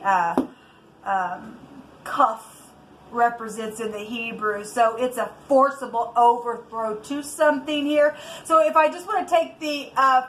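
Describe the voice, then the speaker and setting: Heated, high-voiced woman tarot reader. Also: a bit bright, slight background noise, low-quality recording. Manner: heated, indignant ranting. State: angry. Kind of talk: spiritual tarot reading to viewers.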